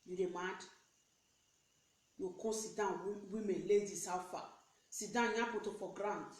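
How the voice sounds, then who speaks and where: A young Nigerian woman urging other women to join her business in an animated, preachy rant, switching between pidgin and English. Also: medium pitch, normal speed. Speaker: network marketing recruiter. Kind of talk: motivational live video rant. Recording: echoey room.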